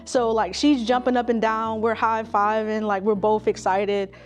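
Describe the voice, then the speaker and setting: A woman, a school counselor telling stories in an interview in a relaxed, conversational way with many fillers. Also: fairly high pitch, normal speed, soft background music. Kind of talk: interview storytelling.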